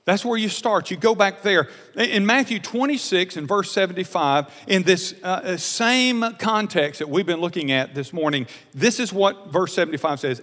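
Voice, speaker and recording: A man preaching a sermon as a pastor, earnest and emotional, repeating phrases and swinging from loud emphasis to soft confession. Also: high voice, expressive, moderate pace, big-room sound.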